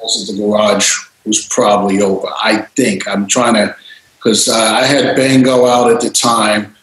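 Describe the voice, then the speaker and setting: A man telling stories in a casual interview, animated and freely swearing, acting out voices. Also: fairly low pitch, moderate pace, heavy reverb, low-quality recording. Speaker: interview guest, DJ and producer.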